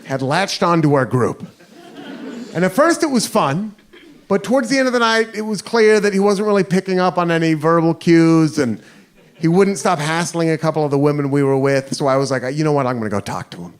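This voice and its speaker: A man doing stand-up storytelling, self-mocking and acting out the scene. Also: fairly high pitch. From United States. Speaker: stand-up comedian. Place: theater stage before a live audience. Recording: live show with audience laughter and noise.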